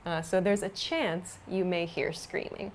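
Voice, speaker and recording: A woman explaining English grammar in a patient, clear lesson, with frequent small fillers. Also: on the low side, fairly even intonation, measured pace, a little hiss or hum. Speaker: English teacher.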